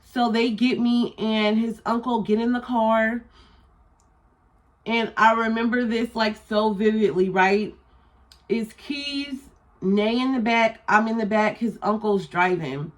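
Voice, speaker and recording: A young adult woman telling a storytime vlog in a blunt, animated, profane way. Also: on the high side, takes it slowly. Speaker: vlogger.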